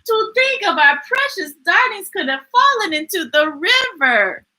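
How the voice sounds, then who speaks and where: A worried, emotional mother in a storybook, as a woman reader puts her on. She cries out in high, wailing tones that rise and fall widely. The voice is bright. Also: very animated, a little slow, heavily acted. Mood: distraught. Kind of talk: storybook read-aloud.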